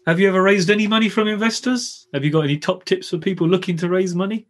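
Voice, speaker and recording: A man's voice: high voice, steady tone, quick pace. A man hosting a podcast, asking questions and adding brief encouraging interjections. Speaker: podcast host.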